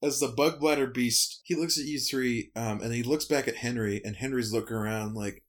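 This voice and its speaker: A man's voice: medium pitch, steady tone, moderate pace. Man running a tabletop game. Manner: rambling, filler-heavy narration. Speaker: game master.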